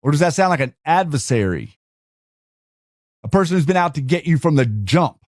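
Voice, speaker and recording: A man's voice: on the high side, lively intonation, moderate pace, a little mellow, dry recording, studio quality. A man hosting a show, talking casually while screen-sharing, with rambling restarts and rhetorical questions. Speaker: host.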